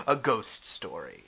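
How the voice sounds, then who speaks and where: A man's voice: medium pitch, pushed and bright, heavily acted, rough recording. A man playing a smug feudal lord. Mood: scornful. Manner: slow, measured speech with amused laughs. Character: scheming male feudal lord, smug and confident.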